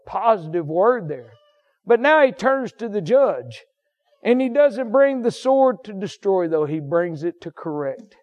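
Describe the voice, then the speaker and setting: A male pastor, preaching a sermon with fervent rises into high shouts and soft, low drops.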